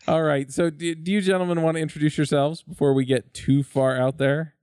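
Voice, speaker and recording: A man's voice: on the high side, fairly even intonation, brisk, a little mellow, smooth, no room sound. A man hosting a tech podcast, introducing panelists and guests with friendly, joking banter. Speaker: podcast host.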